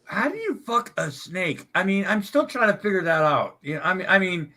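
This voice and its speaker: A man's voice: high-pitched, normal speed. A man telling crude stories in casual chat, laughing and swearing as he talks. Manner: laughing, swearing, animated storytelling.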